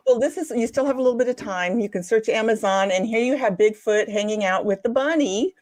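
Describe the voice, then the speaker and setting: A woman's voice: a little high, a little fast, darkish tone, dry recording. A woman co-hosting a casual show, upbeat and giggly as she tells jokes. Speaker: co-host.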